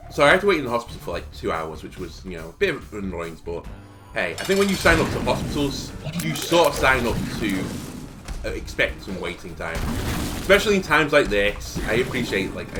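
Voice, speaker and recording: Chatty young man, lively pitch. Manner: rambling storytelling, many fillers. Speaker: gaming video host. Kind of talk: casual commentary while playing.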